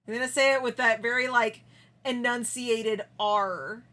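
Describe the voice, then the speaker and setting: A woman's voice: a little high, steady tone, unhurried, bright, forceful tone. A young woman streamer chatting casually with her viewers, giggling often and trailing off into restarts.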